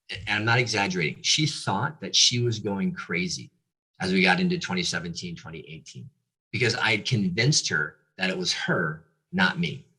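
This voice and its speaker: Deep husky man telling his story. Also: sharp tone. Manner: earnest, confessional, halting with fillers. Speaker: pastor, podcast guest. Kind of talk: candid personal testimony.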